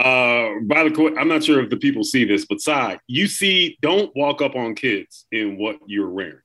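A man appearing as a guest comedian on a podcast, chatting in a relaxed, drawn-out way. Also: mid-range voice. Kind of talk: casual comedic chat.

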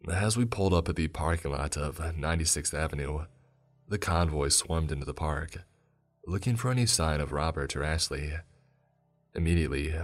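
Very deep-voiced male storyteller. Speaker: narrator. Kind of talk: scripted first-person story narration. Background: faint music.

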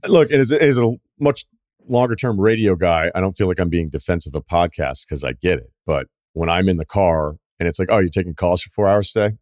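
A man from the Boston area hosting a podcast, telling stories in a casual, animated way, acting out quotes and swearing freely. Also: low-pitched, fairly quick, no echo, studio quality. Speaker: podcast host and longtime radio host. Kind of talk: casual storytelling chat.

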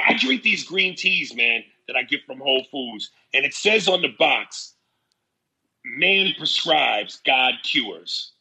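A man in casual chat, telling stories in an animated, profane way. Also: a little high, gravelly, husky, low-quality recording.

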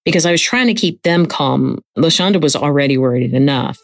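In an interview, a woman with a low voice talks a little quickly as she earnestly recounts events from her view as a close family friend. Her personal story is retold with quoted dialogue.

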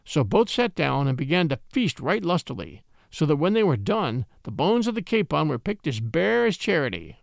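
A man narrating a classic storybook with an expressive, lively reading. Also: on the high side, normal speed, gravelly, hardly any pauses, no echo, clean studio sound. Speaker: audiobook narrator.

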